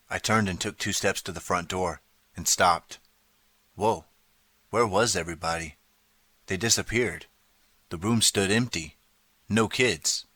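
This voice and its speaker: A man narrates a children's story in the first person with dramatic, lively storytelling. His voice is low but bright and forceful. The recording is dry and close. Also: no echo. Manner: dramatic storytelling, turns pleading for the boy's lines. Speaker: audiobook narrator.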